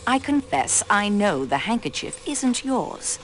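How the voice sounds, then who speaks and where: A woman's voice: medium pitch, sing-song, unhurried, slight background noise, rough recording. A woman voicing a railway clerk turned detective, who questions suspects politely but pointedly and uses French courtesies, in a video game.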